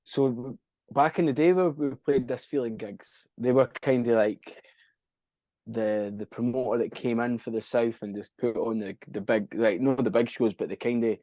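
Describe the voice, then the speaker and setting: A man's voice: medium pitch, fairly even intonation, normal speed, dark tone, no echo. Rambling, swearing Scottish man. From Scotland. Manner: rambling, swears freely, loses track of dates. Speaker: band frontman, podcast guest. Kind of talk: casual interview chat.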